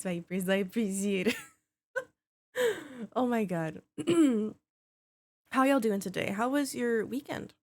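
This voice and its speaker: A woman's voice: mid-range voice, takes it slowly, pauses often. A woman game streamer chatting casually with her viewers, bubbly, greeting them by name and swearing offhandedly.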